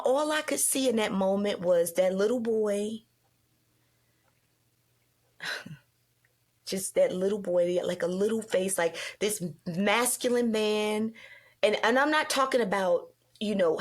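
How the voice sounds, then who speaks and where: A middle-aged woman hosting a podcast, telling an emotional story in an animated way and acting out the lines she quotes. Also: medium pitch, unhurried. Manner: animated, acts out quoted dialogue. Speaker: podcast host.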